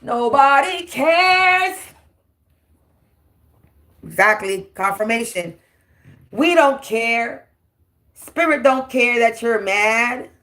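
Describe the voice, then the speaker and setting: A woman's voice: a little high, animated, very slow, pauses often, fairly bright tone. A woman, giving a brash, profane, taunting spiritual tarot monologue. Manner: taunting, repetitive, defiant.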